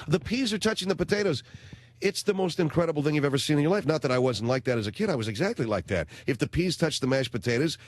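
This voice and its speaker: A man's voice: fairly high pitch, dry recording. A middle-aged man hosting a radio show, telling a rambling, sardonic comic story in a studio. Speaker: radio talk show host. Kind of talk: comedic radio monologue.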